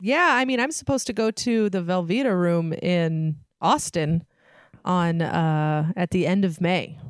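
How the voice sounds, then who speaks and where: A woman's voice: fairly low pitch, a little slow, dry recording. Woman guest on a podcast, giggly, pokes fun at herself, dry close mic. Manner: giggly and self-deprecating. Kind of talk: casual podcast chat.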